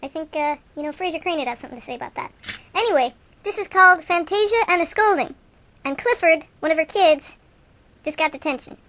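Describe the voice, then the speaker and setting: A woman's voice: very high-pitched, animated, quick pace, fairly bright tone. A woman hosting an improvised comic radio show, playing two goofy young male rock-fan buddies in rambling, self-mocking banter.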